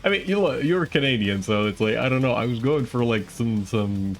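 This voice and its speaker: A man's voice: mid-range voice, lively intonation, fairly quick, soft background music. A man doing casual live esports commentary, chatty and rambling, teasing the chat between plays.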